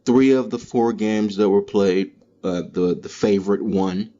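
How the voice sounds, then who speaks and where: A deep-voiced man rambles through a comedic podcast monologue and swears freely as he goes. His tone is mellow and relaxed. The recording sounds dull and lo-fi. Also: unhurried, a little hiss or hum. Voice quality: profane, rambling, animated storytelling. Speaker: podcast host.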